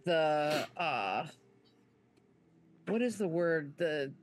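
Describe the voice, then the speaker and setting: A woman's voice: sits low, animated, extremely slow. Middle-aged woman searching for words. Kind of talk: casual group chat.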